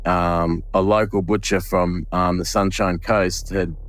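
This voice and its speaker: A male Australian butcher with a low voice and level tone gives an emotional interview about a late coworker, soft music underneath. He falters and restarts, and he plays out the exchanges he's recounting.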